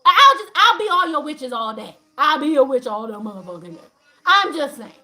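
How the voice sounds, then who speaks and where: Loud, profane, high-pitched woman. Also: fairly quick. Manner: profane, animated, laughing often; emphatic preaching to viewers. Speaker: spiritual channel host. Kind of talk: livestream talk to viewers.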